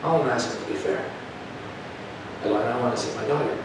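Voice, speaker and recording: A male preacher telling a testimony in an animated storytelling manner, swinging from hushed to loud. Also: fairly quick. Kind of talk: sermon testimony. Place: church. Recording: echoey church from a distant mic with background rumble.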